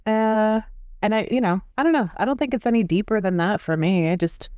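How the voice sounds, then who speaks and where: A woman co-hosting a casual podcast chat, telling stories in an animated way and acting out movie scenes. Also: medium pitch, brisk, clear, resonant tone, no echo, highs cut off. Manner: animated storyteller who acts out movie scenes. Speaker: podcast co-host.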